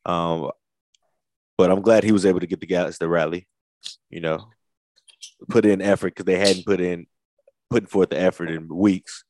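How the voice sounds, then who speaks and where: Low-voiced man in relaxed football talk. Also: normal speed, pauses often, dry recording. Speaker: podcast co-host. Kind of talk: casual sports talk.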